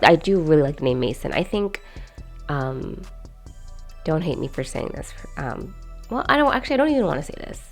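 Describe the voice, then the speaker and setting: A woman's voice: low voice, creaky, a little mellow. A young woman hosting her own video, chatting casually to camera and rambling with lots of fillers and asides. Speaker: video host.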